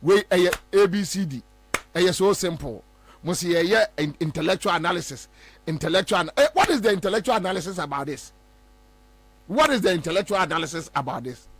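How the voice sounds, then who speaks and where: Emphatic Ghanaian man, high voice. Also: animated, brisk, soft background music. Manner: emphatic, repetitive, mimics others mockingly. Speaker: talk show host. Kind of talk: animated political commentary.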